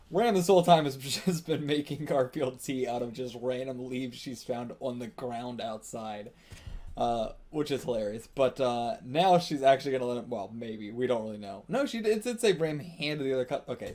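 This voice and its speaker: A man's voice: mid-range voice, a little mellow. A man hosting a live manga reaction, reading along and thinking aloud casually, laughing often and swearing now and then. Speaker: manga reaction channel host.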